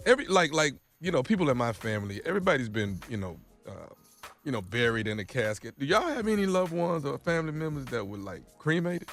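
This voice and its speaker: A man co-hosting a radio show in casual studio chat, playful and animated. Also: medium pitch, fast, faint music behind. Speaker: radio co-host.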